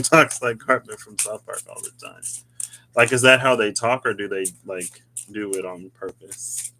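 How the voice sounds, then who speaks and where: A man's voice: fairly low pitch, pushed and bright, a little hiss or hum, poor audio. A man chatting casually through a tarot reading, rambling, laughing often and talking to himself as he goes. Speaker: tarot card reader.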